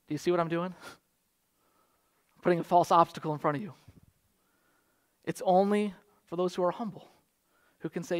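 A man's voice: sits high, normal speed, pauses often. A man in his thirties, a pastor, preaching a sermon in an earnest manner that builds to fervent exhortation.

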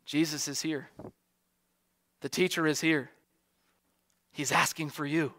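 American man, pastor; high-pitched, earnest sermon delivery, repeats lines softly. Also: steady tone, takes it slowly, long pauses. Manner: earnest preaching, soft repeated emphasis.

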